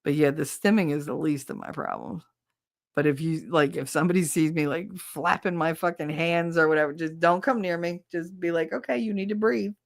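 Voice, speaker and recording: In a deep, brisk voice, a woman with a son runs her stream and podcast, talking casually and bluntly to her live chat with lots of swearing and laughter. Her desk mic sits on a standing arm, giving studio-quality audio with no room sound.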